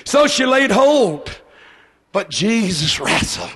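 A male preacher delivering a sermon emphatically, shouting and then dropping low. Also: lively intonation, a little slow. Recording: echoey hall.

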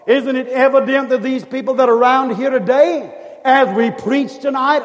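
A man preaching a fervent revival sermon, repeating phrases and building up to shouted questions. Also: very high-pitched, normal speed. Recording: long hall reverb.

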